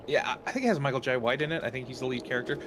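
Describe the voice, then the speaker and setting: A man co-streaming a game, chatting casually, riffing and cracking jokes in an animated way. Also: mid-range voice, noisy background. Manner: jokey, animated, quick to riff.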